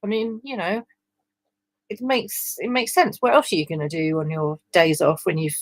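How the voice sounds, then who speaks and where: A woman's voice: lowish voice, fairly even intonation, normal speed, no room sound. A British woman reading a fan story aloud on a livestream with amused, chatty asides.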